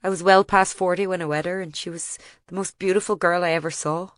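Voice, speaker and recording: A woman reading as a grieving older male farmer who tells of a bombing, in plain, halting dialect. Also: lowish voice, steady tone, a bit bright, dry recording, clean studio sound, natural voice. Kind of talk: audiobook reading.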